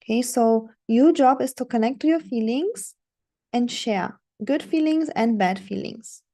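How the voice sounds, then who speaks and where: A woman coaching her viewers on dating, speaking in a fairly high but mellow, warm voice. She gives firm, instructive advice, repeats her points and keeps checking in with "okay?". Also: a little slow, gravelly. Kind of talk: coaching monologue.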